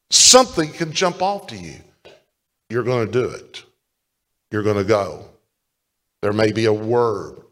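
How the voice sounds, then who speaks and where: A male pastor delivers a sermon in a church, his mid-pitched voice ringing with a long hall echo. He jumps from loud, rising appeals to quiet, intimate storytelling. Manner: storytelling, swings between loud exhortation and hushed retelling.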